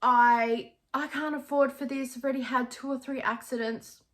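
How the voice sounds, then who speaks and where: A woman's voice: fairly even intonation, moderate pace, fairly bright tone. A woman, mimicking an angry, indignant driver who berates and complains. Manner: shrill, berating, higher-pitched.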